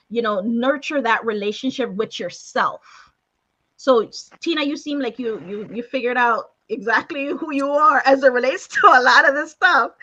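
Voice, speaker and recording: Bright-toned woman podcast host. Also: a little high, lo-fi sound. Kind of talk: conversational interview.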